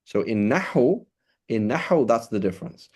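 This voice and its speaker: A man's voice: mid-range voice, expressive, moderate pace, a little mellow. A man teaching a class, explaining in a loose, conversational way, often restarting and checking with "right?", mixing in Arabic terms. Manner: switches between English and quoted Arabic terms. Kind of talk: classroom lecture.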